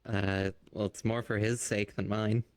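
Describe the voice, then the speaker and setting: A man's voice: on the low side, little pitch movement, unhurried, clear, resonant tone. A man in casual in-character roleplay over voice chat, speaking in a laid-back, offhand way. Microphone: voice chat mic.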